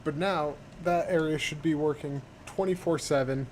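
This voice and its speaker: A man's voice: fairly high pitch, moderate pace, a little mellow, a little hiss or hum. A man giving casual gameplay commentary, easygoing and muttering to himself with plenty of fillers. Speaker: gaming channel host.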